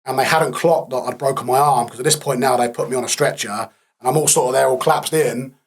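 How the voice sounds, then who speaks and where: A man as a podcast guest, telling his story candidly in a blunt, matter-of-fact way with dark humour. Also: medium pitch, fairly even intonation, fast, breathy edge.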